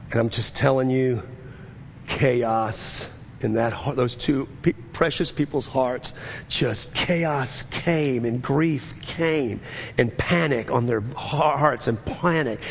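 A man's voice: medium pitch, creaky. A man in his fifties, a pastor preaching a sermon, telling a story earnestly and then rising into fervent preaching. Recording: long reverb of a large hall with faint noise.

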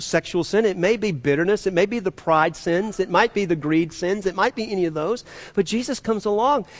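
A man preaching a sermon, animated and acting out the voices he quotes, his voice rising and dropping sharply. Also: high-pitched. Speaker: pastor.

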